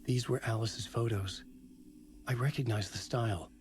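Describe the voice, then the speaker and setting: A man voicing the brooding narrator of a horror game, in measured, introspective scripted narration. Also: medium pitch, noisy background, close to an everyday voice.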